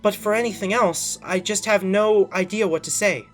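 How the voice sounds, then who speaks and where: A man's voice: high-pitched, steady tone, normal speed, soft background music, lightly acted. A shy awkward schoolgirl, as a man reads her lines. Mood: hesitant. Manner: plain, unvoiced reading with restarts. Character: shy awkward teenage girl, bookish. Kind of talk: reading visual novel dialogue aloud.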